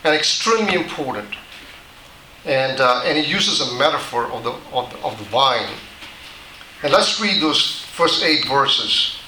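A man's voice: medium pitch, expressive, unhurried, pushed and bright, roomy sound, slight background noise, rough recording. A man preaching a sermon, teaching patiently and often restarting his sentences. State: dry mouth. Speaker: pastor.

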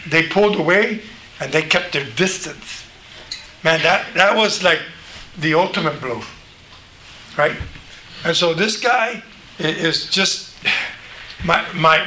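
Male preacher, high-pitched and bright, animated conversational sermon, echoey hall. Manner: conversational, animated, acts out quoted voices. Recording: echoey room, faint noise.

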